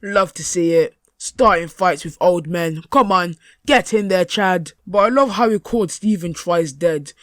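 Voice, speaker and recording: A man's voice: high-pitched, unhurried, hardly any pauses, fairly bright tone, no echo. A man hosting a reaction video, mocking and chatty in his commentary. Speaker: YouTube reaction host.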